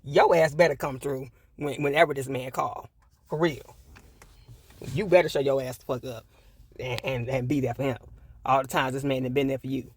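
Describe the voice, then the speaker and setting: A man's voice: medium pitch, fairly even intonation, moderate pace, husky, no echo. A man giving a casual, blunt TV episode review, swearing freely and repeating his points for emphasis. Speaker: TV show reviewer.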